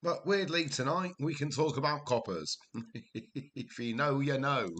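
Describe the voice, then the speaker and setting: Slow-talking Welsh man chatting on stream. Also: medium pitch, fairly bright tone. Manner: chatty, laughs often, tells rambling family anecdotes. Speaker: livestream host. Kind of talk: casual livestream chat.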